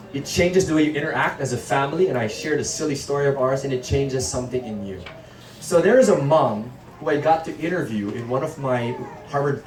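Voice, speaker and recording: A middle-aged man from the Philippines giving an earnest personal storytelling talk, at times dropping to soft hushed tones. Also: mid-range voice, slight background noise. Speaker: speaker at a parenting talk. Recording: echoey room, distant mic, faint ambience.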